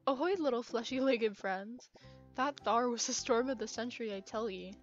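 A hefty, good-natured old male seal sailor voiced by a woman booms out his lines in a put-on pirate accent, full of hearty growls. The voice sits fairly high for a gruff old seal. The sound is muffled, with video game music playing underneath. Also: moderate pace, lightly acted.

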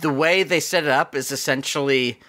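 A man co-hosting a casual movie review podcast who retells scenes animatedly and acts out the characters in quick voices. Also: on the high side, sharp tone. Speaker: podcast co-host.

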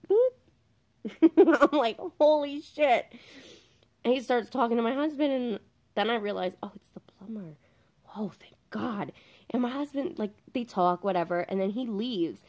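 Chatty woman telling a story. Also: on the low side. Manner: chatty, swears freely, animated quoting. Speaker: vlogger. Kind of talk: casual storytelling. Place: home.

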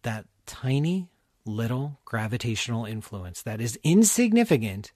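A man hosting a science podcast, explaining ideas in a lively, conversational way with everyday analogies and acted-out asides. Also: medium pitch, moderate pace, no echo, clean studio sound. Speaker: podcast host, astrophysicist.

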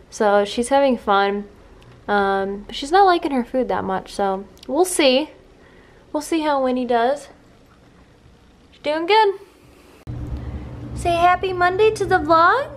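High-voiced young woman vlogger. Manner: cooing baby talk to a puppy, chatty asides to viewers. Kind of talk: casual vlog with a new puppy.

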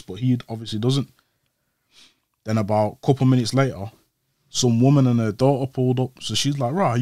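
A man's voice: medium pitch, no room sound, clean studio sound. A young man, an interview guest telling his story casually, acting out the voices of the people in it. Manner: animated, acts out quoted voices.

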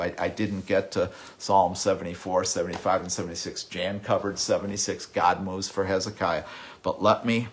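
A middle-aged man preaching a sermon with passion, repeating words, swinging from loud outbursts to hushed, whispered lines. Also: low voice, slight background noise. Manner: impassioned, with repeated words and sudden drops to a hush. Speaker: pastor.

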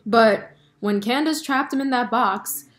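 A young woman talking to her vlog camera in a loose, chatty way. She rambles, fills every pause with "like" and "um", and breaks into laughs. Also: a little high. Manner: chatty, animated, lots of fillers and laughs. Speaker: vlogger. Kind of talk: casual chat about a TV show.

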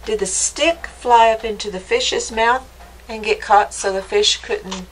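A woman reading a picture book aloud to children for a library storytime, stopping often to ask them gentle, playful questions. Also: a little high, measured pace, slight background noise, low-quality recording.

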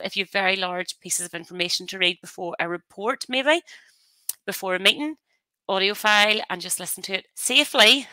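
Lady walking folk through software on a headset, chatty, bright tone, dry close sound. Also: fairly low pitch, no room sound. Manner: chatty, explanatory, practical asides. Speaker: software trainer. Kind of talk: webinar software demo.

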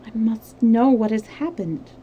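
A woman's voice: fairly high pitch, measured pace, mellow, highs cut off, a little hiss or hum, close to an everyday voice. A woman reading a desperate pleading noblewoman. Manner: urgent, pleading, earnest.

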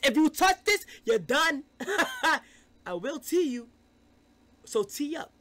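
A young man streaming live, reacting with loud, excitable, profane banter aimed at his chat. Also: very high-pitched, takes it slowly.

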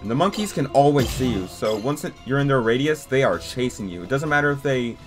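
A young man doing casual let's-play commentary, excitable and jumpy, talking to his viewers as he plays. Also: medium pitch, a little fast, over music. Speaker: gaming YouTuber.

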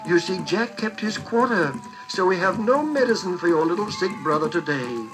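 A man voicing a gentle female mission nurse in a children's story, apologetic and kind. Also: high-pitched, expressive, moderate pace, over music, rough recording.

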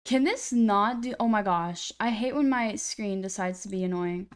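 A woman's voice: mid-range voice, normal speed, clear, resonant tone. A woman live-streaming a game, chatting casually to her viewers in a rambling, self-deprecating way into a computer mic.

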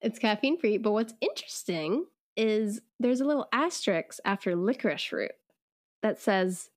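A woman's voice: medium pitch, expressive, moderate pace, no echo, studio quality. A young woman co-hosting a podcast, chatting casually and laughing often. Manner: giggly, chatty. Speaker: podcast co-host. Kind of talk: casual chat.

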